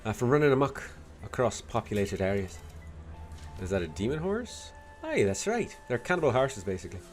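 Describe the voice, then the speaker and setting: A man voicing a tough, blunt Irish woman in a video game, with a put-on Dublin accent carrying a Scottish lilt and a rough, salty way of talking. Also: fairly low pitch, natural voice. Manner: gruff, salty, rough-spoken.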